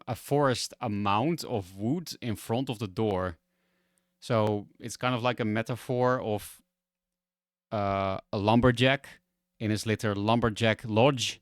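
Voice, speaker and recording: A man's voice: lowish voice, clear, resonant tone, no echo, studio quality. A man whose first language is Dutch, chatting frankly and rambling on a game stream. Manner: frank, rambling, restarts often. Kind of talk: casual stream chat.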